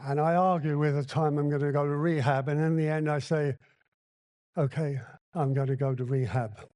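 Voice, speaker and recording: Male convention speaker, slightly high pitch, dry close sound, candid anecdotal delivery. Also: steady tone, normal speed, mellow, no echo. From Hong Kong. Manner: blunt, candid storytelling with acted-out dialogue. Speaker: recovery meeting speaker. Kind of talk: personal recovery share at a convention. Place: convention hall.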